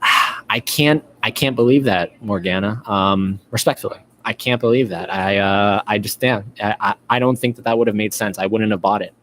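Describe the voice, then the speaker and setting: A man with a fairly low voice hosts a casual live stream, talking in loose, rambling runs full of fillers and restarts. A faint noise sits under the recording. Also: moderate pace, fairly bright tone. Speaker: podcast host. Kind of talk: live-stream chat reading viewer comments.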